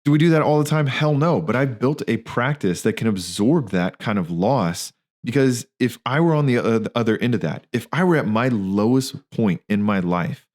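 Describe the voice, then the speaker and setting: Candid, slangy man with a low voice. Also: darkish tone. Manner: candid, slangy, emphatic storytelling. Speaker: podcast host, physician and practice owner. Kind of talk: casual spoken monologue.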